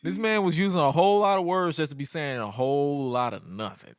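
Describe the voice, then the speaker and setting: A man co-hosting a podcast, recapping an old wrestling show in casual chat, animated and laughing often. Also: on the high side, brisk, clear, resonant tone, dry recording. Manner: animated, laughs often, puts on voices when quoting. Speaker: podcast co-host.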